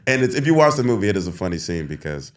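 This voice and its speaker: A man in his thirties, an actor guest on a podcast, telling animated stories, laughing often and acting out other people's lines. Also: very fast. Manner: laughs often, acts out others in high voices. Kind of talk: animated storytelling.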